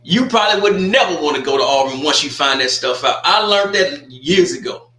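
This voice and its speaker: A man's voice: fairly high pitch, expressive, brisk, pushed and bright, roomy sound. A man hosting a casual sports talk livestream, loose and joking, trash-talking teams between restarts and asides.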